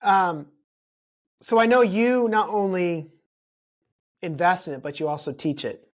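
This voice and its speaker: Relaxed male podcast host. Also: sits high, a little slow. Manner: relaxed, asks short follow-up questions. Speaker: podcast host, life coach. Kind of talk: casual interview chat.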